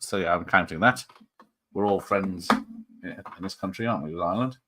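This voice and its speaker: The man running this casual live show goes through viewer comments, rambling, restarting, and dropping in ums and small chuckles. His slightly low voice has a sharp tone, his pace is a little fast, and there's a faint hiss or hum on the recording.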